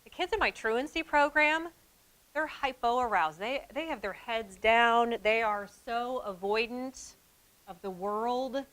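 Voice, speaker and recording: A woman presenting a training session on childhood trauma to school staff, talking in a lively way that drops to soft, calm tones. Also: fairly high pitch, unhurried, poor audio. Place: event hall with an audience.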